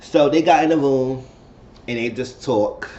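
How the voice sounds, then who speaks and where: A man's voice: medium pitch, unhurried, warm tone, lo-fi sound. Chatty man recapping a show. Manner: chatty and rambling, acting out the quotes. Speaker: TV episode reviewer. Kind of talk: casual recap vlog.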